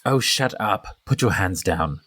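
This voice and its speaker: A man's voice: low voice, lively intonation, a little slow, fairly bright tone, exaggerated voice. A man voicing a scornful, impatient male tiefling cultist who talks down to others. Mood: contemptuous. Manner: sneering, condescending.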